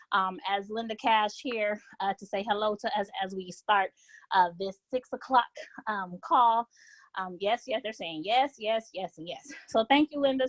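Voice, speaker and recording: On a conference call, a woman with a fairly high voice cheerfully trains travel agents, keeping it informal and upbeat and frequently checking in with "okay?". Her laptop or phone line gives poor audio with no room sound.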